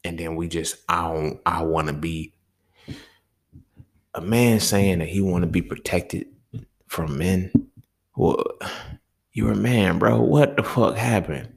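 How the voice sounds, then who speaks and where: A man's voice: low-pitched, takes it slowly, vocal fry, long pauses, breathy edge. A young man hosting a solo podcast, talking in a heated, profane, exasperated rant. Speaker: podcast host. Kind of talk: casual solo podcast monologue.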